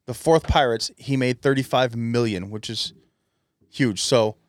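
A man's voice: mid-range voice, a little slow, no room sound. A man co-hosting a casual podcast chat, laying out facts and retelling events in a matter-of-fact way. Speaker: podcast co-host.

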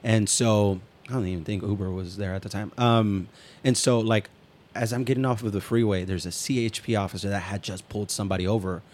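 Low-voiced man telling rambling stories. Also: steady tone, brisk, a little mellow. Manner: swears freely, rambling anecdotes, acts out quotes. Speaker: podcast co-host. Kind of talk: casual storytelling chat.

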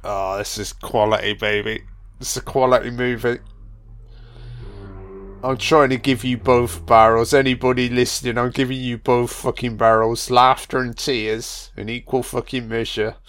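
Guy doing a casual movie commentary, swears a ton, slangy, gets all excited, laughs a lot, average pitch. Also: moderate pace. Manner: excitable and heavily profane, with laughter; slangy, calls listeners man, son and baby. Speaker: film commentator.

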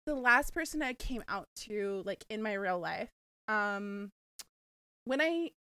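A woman's voice: medium pitch, animated, slow, pushed and bright, clean tone, no room sound. A young woman co-hosting a podcast, chatting casually in a blunt, joking way and laughing often. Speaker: podcast co-host. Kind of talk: casual chat.

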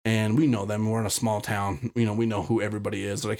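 A man's voice: lowish voice, little pitch movement, fast talker, darkish tone. A man from Utah, a podcast guest, telling his story in casual, blunt talk full of profanity and restarts.

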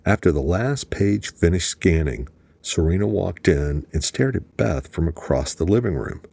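A man narrating an audiobook in a steady, measured storytelling voice. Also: sits low, gravelly, breathy edge, dry recording. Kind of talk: scripted narration.

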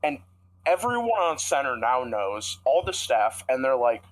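A man's voice: medium pitch, big pitch swings, measured pace, poor audio. A young man co-hosting a podcast, telling a rambling, profanity-heavy story in casual chat. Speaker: podcast co-host.

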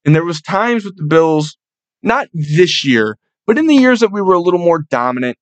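A man's voice: sits high, sing-song, normal speed, dry recording. A young man hosting a casual sports chat, rambling and swearing freely. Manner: profane, rowdy, rambling. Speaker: sports podcast host.

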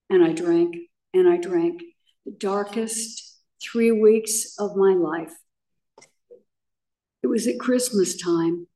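A woman's voice: medium pitch, warm tone, far from the mic. An older woman sharing her personal recovery story at a meeting, telling it dramatically with vivid repetition. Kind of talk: personal testimony.

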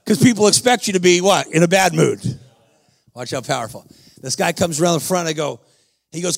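A man preaching a sermon, telling stories in a slangy, fervent way that rises to shouts. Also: on the high side, expressive, fairly quick, vocal fry. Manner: storytelling, rising to shouts.

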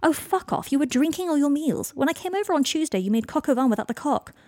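A woman voicing a blunt young man who teases his friend loudly and with exasperation. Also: high-pitched, animated, fast talker, no room sound, clean studio sound, pitched above the performer's own voice. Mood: exasperated. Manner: loud, exasperated teasing.

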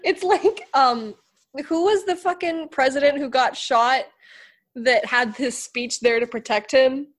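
A woman with a slightly high voice retells a TV episode in casual chat. She rambles through fillers like "um" and "like" and swears offhandedly. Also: measured pace. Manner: storytelling with many fillers.

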